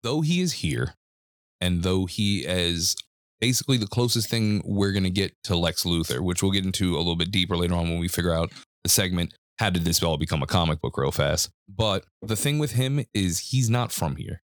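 A man's voice: low-pitched, dry recording, studio quality. A man co-hosting a casual podcast chat, telling stories animatedly with frequent laughs and long asides, coughing now and then. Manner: animated storyteller, laughs often, drawn-out asides. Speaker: podcast co-host. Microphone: own desk mic with mute button.

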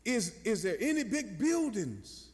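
An older man voicing a calm police officer gently coaxing a lost child, in a sermon story. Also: sits high, a little slow, big-room sound, pitched above the performer's own voice.

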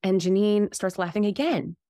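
A woman in her thirties, a Reiki healer, telling a personal story in a casual, animated way and acting out the voices of the people she quotes. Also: medium pitch, moderate pace, no echo, clean studio sound. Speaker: podcast guest, Reiki healer.

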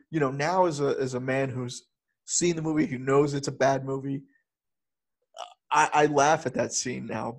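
A man co-hosting a casual movie review chat, animated and often laughing as he talks. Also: fairly high pitch. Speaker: podcast co-host.

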